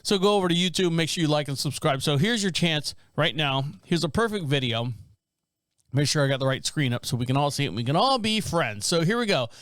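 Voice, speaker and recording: A man's voice: on the high side, lively intonation, fairly quick, fairly bright tone, no room sound. A middle-aged man hosting a podcast from a small studio, telling rambling stories in casual chat and laughing often. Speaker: podcast host.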